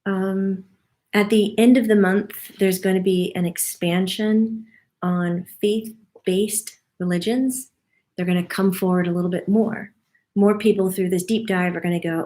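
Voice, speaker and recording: A woman's voice: medium pitch, fairly even intonation, unhurried, mellow. A woman working as a medium, casually passing on a spirit guide's monthly forecast, chatty and given to laughing. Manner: chatty, laughs often, relays what the guide says.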